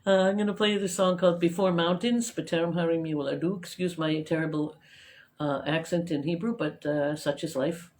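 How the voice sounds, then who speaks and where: A woman singer-songwriter with a fairly low, fairly even voice chats casually at a moderate pace between songs on a live stream from her home living room. She rambles with lots of ums and uhs, her plugged-in guitar and a live-stream microphone picking her up while her own acoustic guitar plays loudly in the background.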